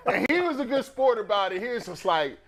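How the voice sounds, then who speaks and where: A man, a former player appearing as a guest, telling a story in casual chat, animated and laughing as he acts out quotes. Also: sits high, fairly quick.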